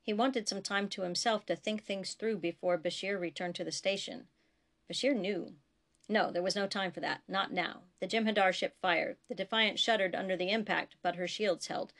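A woman author reading her own science fiction story aloud in a steady, even narration. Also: medium pitch, moderate pace. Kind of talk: audiobook narration.

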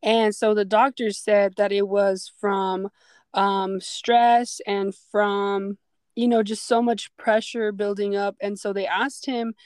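A woman's voice: mid-range voice, little pitch movement, slow pace, a little mellow, clear, resonant tone, no room sound. A woman in her early twenties hosting a podcast, sharing personal memories in a reflective, conversational way with frequent fillers. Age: 20s. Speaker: podcast host.

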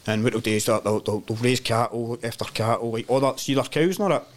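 Here a Scottish podcast guest talks fast in a mid-range voice, recounting sweary, animated travel anecdotes in a loose, casual chat full of "mate" and "man."

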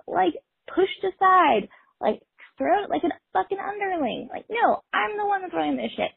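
Gravelly woman ranting over a phone line. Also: very high voice, lively intonation, normal speed, no echo. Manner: frustrated, swearing, exasperated. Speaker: caller. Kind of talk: ranting voicemail. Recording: tinny phone voicemail.

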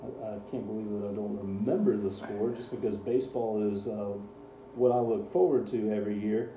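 A man's voice: fairly low pitch, steady tone, brisk, mellow, roomy sound, a little hiss or hum, rough recording. A man co-hosting a casual sports talk show, running through game scores with dry sarcasm. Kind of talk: casual radio sports chat.

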